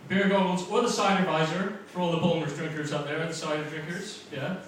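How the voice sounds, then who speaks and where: A young man from Northern Ireland with a softened Northern Irish accent, doing a chatty, self-mocking stand-up set and bantering with the crowd. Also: on the high side, fairly even intonation, brisk. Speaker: stand-up comedian. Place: comedy club, live room. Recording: echoey club from far off, noisy.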